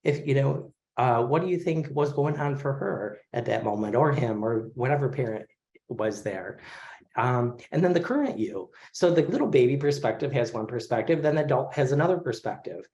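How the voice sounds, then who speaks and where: A man in his forties leads an online class on healing the inner child. His speech is loose and friendly, full of pauses and fillers. His voice sits at a middle pitch and comes through a video call. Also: gravelly. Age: 40s. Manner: relaxed and conversational, with many fillers. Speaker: craniosacral therapy instructor. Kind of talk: casual online lecture.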